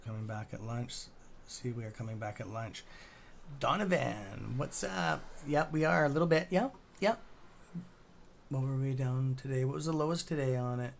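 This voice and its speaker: A man's voice: mid-range voice, moderate pace, gravelly, a little hiss or hum. A man hosting a casual live stock-trading stream, rambling and chatty with a sore throat, swearing now and then.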